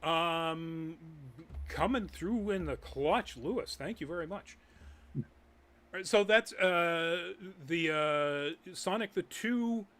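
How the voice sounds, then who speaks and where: A man's voice: fairly high pitch, lively intonation, takes it slowly, fairly bright tone. A man hosting a live nerd news show, chatting casually with many ums and uhs as he reads news and viewer comments. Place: Massachusetts.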